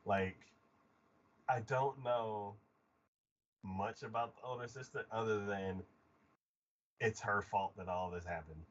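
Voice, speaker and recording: A man's voice: on the low side, slow pace, long pauses. A man co-hosting a casual anime discussion podcast, talking with many fillers and acting out scenes in exaggerated voices. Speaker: podcast co-host. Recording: dull lo-fi podcast audio.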